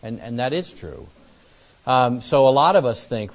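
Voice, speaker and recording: A man delivering a sermon in a casual, conversational way, his pitch swinging widely as he acts out both sides of imagined exchanges. He often restarts his sentences and fills pauses with "um" and "uh". His voice sits at a middle pitch. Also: sing-song. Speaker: preacher teaching on evangelism.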